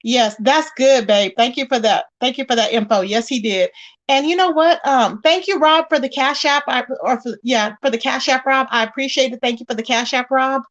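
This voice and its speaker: A high-pitched woman hosting a gossip livestream in a casual, talkative way. She stays emphatic and greets her viewers by name between points. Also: normal speed, a bit bright, dull audio. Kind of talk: casual live-stream chat.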